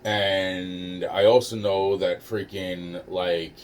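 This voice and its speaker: Man, lowish voice, calm storyteller, swears a lot, restarts sentences constantly. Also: takes it slowly, a little hiss or hum. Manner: rambling, profane, frequent restarts and stammers; calm, low-key delivery. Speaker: storyteller recounting a personal ordeal. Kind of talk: casual spoken recollection.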